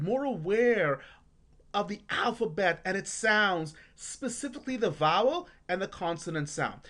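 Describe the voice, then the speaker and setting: A woman, a reading coach giving a parent tips lesson, upbeat and sounding out syllables with exaggerated emphasis. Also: medium pitch.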